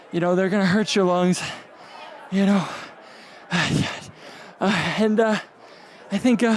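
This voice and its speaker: High-voiced rambling male stand-up comic. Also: a little hiss or hum. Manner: rambling, crude, halting with fillers and restarts. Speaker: stand-up comedian. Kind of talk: stand-up comedy set. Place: comedy club stage.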